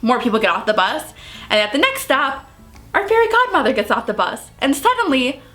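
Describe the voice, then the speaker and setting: A young woman vlogger tells a storytime tale in a high, lively voice that swoops up and down. Her tone is bright and forward, and she keeps laughing through the tense bits, breathless with excitement. Faint music plays behind her. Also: fairly quick. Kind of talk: storytime vlog.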